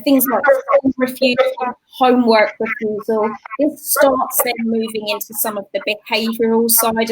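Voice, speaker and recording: Speaking in a husky, slightly high voice, a woman who coaches children gives practical, warm parenting advice as a talk-show guest. She keeps things casual and explanatory, now and then slipping into sing-song voices, and the recording is rough.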